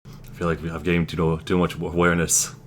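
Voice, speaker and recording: A man's voice: low-pitched, monotone, normal speed, fairly bright tone, a little hiss or hum. A man playing in a tabletop game, chatting casually with laid-back, laughing asides. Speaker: player. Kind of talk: casual chat.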